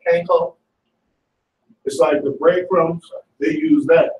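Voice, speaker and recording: A man's voice: fairly high pitch, fairly even intonation, slow, darkish tone, roomy sound, recorded from a distance, a little hiss or hum, low-quality recording. A man student in a casual class discussion, rambling and stopping often to hunt for words. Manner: rambling, searches for words with many fillers.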